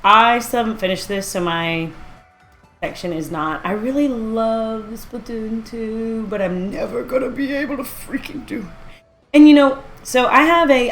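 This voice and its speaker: A woman's voice: on the high side, measured pace, fairly bright tone, faint music behind. A woman streaming a video game live, chatting casually and rambling as she reacts aloud to what she sees. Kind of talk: casual live-stream chat while playing.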